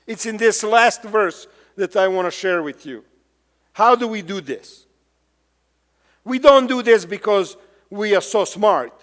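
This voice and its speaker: A pastor preaching a sermon, emphatic and fond of repeated rhetorical questions. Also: male voice, high voice, big-room sound. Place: church sanctuary.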